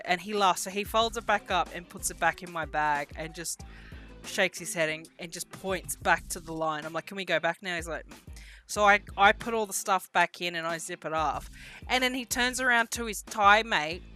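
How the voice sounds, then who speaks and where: A young woman vlogger telling a story casually, animated and self-mocking, swearing now and then. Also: lowish voice, normal speed, soft background music. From Australia.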